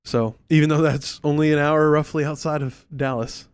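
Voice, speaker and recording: A man's voice: a little high, steady tone, moderate pace, clear, resonant tone, no room sound. A man from north central Texas co-hosting a podcast, chatting in an easygoing, agreeable way. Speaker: podcast co-host. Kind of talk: casual chat.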